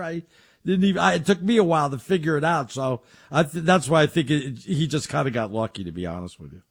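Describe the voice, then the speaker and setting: A man's voice: on the high side, fast, vocal fry, husky. A man telling a rambling story in casual chat, stumbling over his words. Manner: rambling animated storyteller, stammers.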